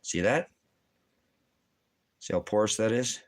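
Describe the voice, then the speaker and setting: A man vlogging in casual chat, rambling and repeating himself with halting restarts. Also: fairly low pitch.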